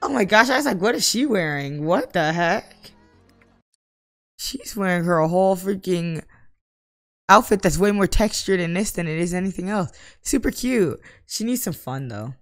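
A woman's voice: lowish voice, expressive, normal speed, soft background music. A young woman casually commenting on her life-simulation gameplay, chatty and mock-exasperated with her characters. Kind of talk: casual let's-play commentary.

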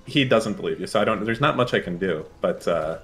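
A man's voice: lowish voice, animated, brisk, a bit bright, soft background music. A man running a casual voice call, teasing and sarcastic in a playful way. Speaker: call organizer.

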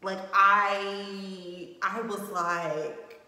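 A young woman recapping a reality show at home in a chatty way, breaking into loud shocked indignation. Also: medium pitch, little pitch movement, very slow. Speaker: recap host. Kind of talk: casual recap commentary. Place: home room. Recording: roomy echo with long reverb.

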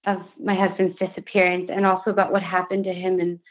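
A woman's voice: on the low side, monotone, fast talker. A young adult woman speaking earnestly and candidly as a podcast guest, with frequent "like" fillers. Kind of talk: candid interview conversation. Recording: phone-line remote call.

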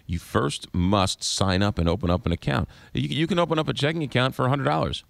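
A man's voice: mid-range voice, brisk, creaky, no echo. A man hosting a talk radio show, telling stories in a casual, conversational monologue. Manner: animated storytelling, acts out voices in quotes; conversational, frequent fillers and restarts. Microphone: studio microphone.

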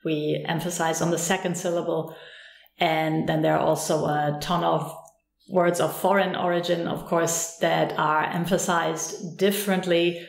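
A German woman teaching a beginners' pronunciation lesson in English, modelling each sound slowly and repeating it with care. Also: on the low side, vocal fry, roomy sound. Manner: slow, deliberate modelling of sounds with careful repetition.

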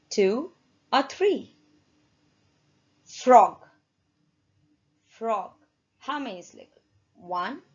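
Slow-speaking woman teacher quizzing pupils. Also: mid-range voice, breathy edge. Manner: slow, deliberate, quizzing pupils with repeated questions. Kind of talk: classroom lesson for children. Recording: dull lo-fi recording.

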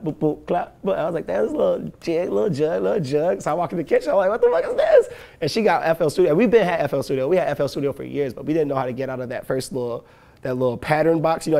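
A man's voice: a little high, a little mellow. A man, telling loose, profane stories in an interview and laughing often. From west side of Chicago. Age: late 20s. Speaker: rapper and producer, interview guest. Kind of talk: casual storytelling interview.

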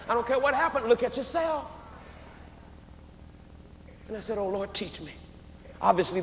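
Man, guest preacher, live sermon, emphatic, rhythmic, echoing church hall, faint room noise. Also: sits high. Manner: emphatic, rhythmic preaching with sudden shouted peaks. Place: large church before a live congregation.

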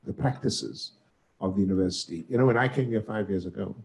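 A middle-aged South African man speaking on a discussion panel as a professor. His voice sits low with a gravelly, dark edge. He talks forcefully and swells into emphatic bursts. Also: fast, low-quality recording. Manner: forceful, rising to emphatic outbursts.

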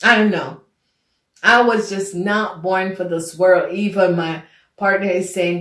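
A woman's voice: mid-range voice, slow pace, fairly bright tone. Emphatic woman. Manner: emphatic, repeats phrases for stress. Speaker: tarot reader. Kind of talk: casual storytelling monologue. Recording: echoey room.

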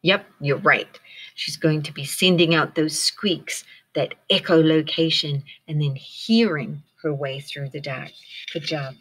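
A woman's voice: low-pitched, fairly even intonation, a little slow, fairly bright tone, slightly rough. A woman teacher reading a picture book aloud to children, encouraging them and asking them questions. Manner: encouraging, asks the listeners questions.

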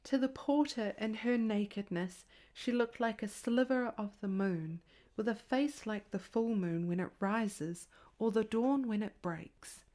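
A woman reading an old folk tale aloud as a bedtime story, soft and unhurried, lifting her voice lightly for the characters' lines. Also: mid-range voice.

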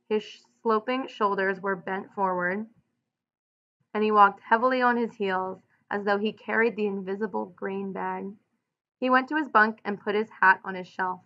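A woman teacher reading a novel aloud and pausing to give clear instructions, on a dull lo-fi recording. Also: medium pitch. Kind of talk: audiobook read-aloud with lesson notes.

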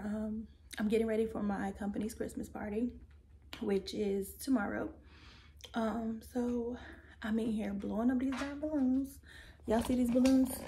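Playful woman vlogger, gravelly high voice. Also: dark tone. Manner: playful, talks straight to viewers; drops to a whisper at times. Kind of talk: casual vlog chat. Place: indoors at home, decorating. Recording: noisy home recording.

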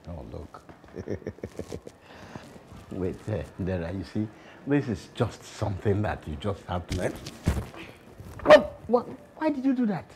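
A pushy older suitor. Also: male voice, on the low side, wildly swooping pitch, a little slow, pauses often, heavy background noise, heavily acted. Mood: pleading. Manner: smug, persistent, laughing it off. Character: pushy older male suitor, smug and indignant. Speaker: older family friend suitor. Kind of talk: film drama acting.

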